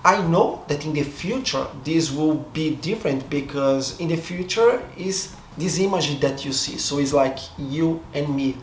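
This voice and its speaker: This Brazilian vlogger speaks in a fairly high voice, unhurried and with hardly any pauses, his Brazilian accent marking him as a Portuguese native speaker. Seated before a camera in a casual monologue, he's reflective and hesitant, often restarting to rethink his words. An echoey room and faint background noise come through.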